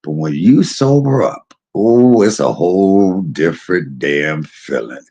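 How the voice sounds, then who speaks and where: A middle-aged man casually telling a personal story, animated and laughing, using street slang and acting out quotes. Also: sits low, takes it slowly, highs cut off.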